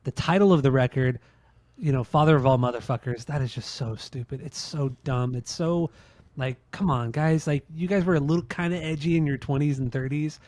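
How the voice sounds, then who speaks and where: A man's voice: a little high, fairly quick, a little mellow. A man in his late thirties co-hosting a podcast, talking bluntly and profanely and repeating himself to drive points home. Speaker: podcast co-host. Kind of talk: casual podcast chat, ranking albums.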